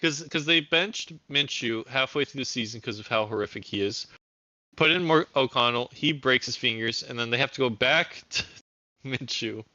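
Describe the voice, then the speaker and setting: Young male co-host, bright forceful voice, dull dry sound, laid-back delivery. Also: medium pitch, normal speed, dry recording. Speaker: podcast co-host. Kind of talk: casual sports chat.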